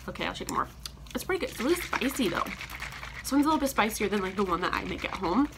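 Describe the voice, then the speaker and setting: A woman's voice: mid-range voice, big pitch swings, racing, creaky, background noise. A young woman vlogger chatting casually while making breakfast in her kitchen, rambling with lots of "like" and small laughs, congested from a sinus infection and a little out of breath. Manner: chatty, rambling, heavy use of "like", frequent laughs. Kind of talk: casual chat while cooking. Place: home kitchen.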